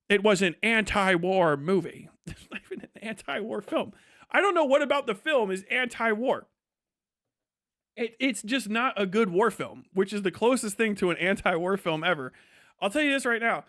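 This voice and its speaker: Young male streamer with a high voice and a dry, close sound, on a crude, heated rant. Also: lively intonation, normal speed, a bit bright, no echo. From United States. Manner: profane, heated, mocking impressions. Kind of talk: ranting livestream monologue.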